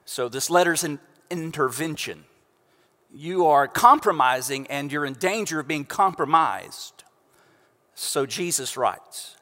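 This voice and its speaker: A pastor preaching a sermon from a church stage into a microphone, conversational and joking with the congregation. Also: male voice, fairly high pitch, expressive, unhurried, bright, forceful tone. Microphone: stage microphone through house speakers. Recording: long church reverb.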